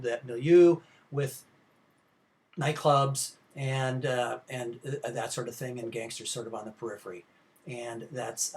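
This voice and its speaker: A middle-aged man records a slide lecture on cinema for his class. He talks in a loose, informal way, piling up fillers and restarts as he goes. His voice sits at an everyday middle pitch. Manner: rambling, lots of fillers and restarts; informal, addresses students directly. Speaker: film lecturer.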